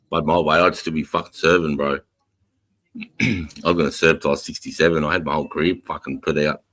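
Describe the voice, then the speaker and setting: Deep, bright-toned Australian man, swearing. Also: moderate pace, long pauses, dry recording. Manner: swearing, laughing storyteller. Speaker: podcast co-host, ex-army instructor. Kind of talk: casual chat.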